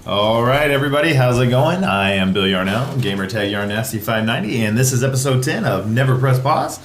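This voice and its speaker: A man's voice: mid-range voice, animated, fairly quick. A man from Kentucky with a Kentucky accent, hosting a casual gaming podcast in a laid-back, joking way. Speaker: podcast host. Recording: echoey room with faint hiss.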